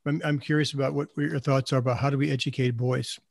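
A man's voice: medium pitch, little pitch movement, fast, vocal fry, no room sound, clean studio sound. A man hosting an interview, asking earnest, reflective questions. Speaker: host. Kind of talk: interview conversation.

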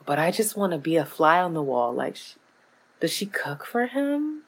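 A woman co-hosting a podcast from home in casual chat, blunt and profane, acting out quotes in animated voices. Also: deep voice, normal speed, slightly rough. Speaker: podcast co-host. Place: at home, late at night.

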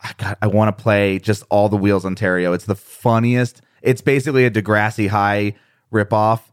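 A man's voice: fairly low pitch, steady tone, normal speed, smooth, dry recording, clean studio sound. A man speaking as a guest on a podcast, rambling and self-deprecating, often laughing. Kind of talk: conversational interview.

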